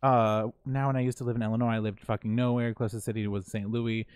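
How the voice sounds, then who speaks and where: A man streaming live from home, chatting casually with his viewers while he plays. He talks in a lively, profane way and laughs often. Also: medium pitch, fast, smooth, soft background music.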